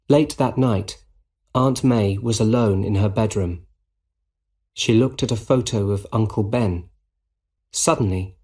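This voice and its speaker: A man narrating a simple story for English learners, reading clearly and deliberately. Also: fairly low pitch, darkish tone.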